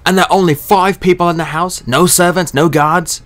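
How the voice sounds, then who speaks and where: Audiobook: a man doing an imperious old magician, sharp and rude, pitched up and forceful. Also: fairly even intonation, a little fast. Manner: snapping, commanding.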